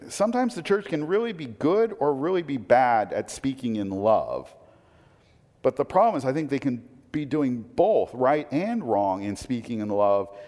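A man preaching a sermon in a church, speaking in a conversational way and asking the room rhetorical questions. His voice sits at an ordinary middle pitch. The sound carries a long reverb from the church hall. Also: darkish tone. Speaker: pastor.

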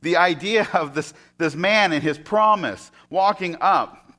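Soft-spoken storytelling preacher. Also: male voice, sits high, unhurried. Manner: storytelling, often drops to soft, hushed tones. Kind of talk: sermon.

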